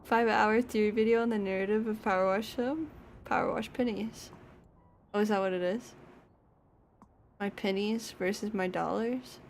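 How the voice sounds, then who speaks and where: A woman's voice: mid-range voice, fairly even intonation, normal speed, long pauses, a little hiss or hum. A young woman streaming a game, chatting casually, swearing, laughing and yelping when startled. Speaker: VTuber streamer. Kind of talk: casual gaming stream chat.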